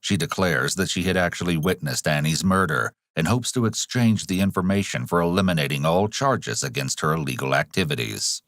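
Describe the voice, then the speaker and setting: Brief: male narrator, very low pitch, dry close-mic read, measured analytical delivery. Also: a bit bright, dry recording. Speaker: documentary narrator. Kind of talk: scripted narration.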